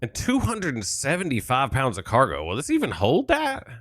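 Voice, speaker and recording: A man's voice: mid-range voice, wildly swooping pitch, normal speed, a bit bright, dry recording, studio quality. A young man chatting casually on a live stream, joking, laughing and thanking viewers while setting up a flight.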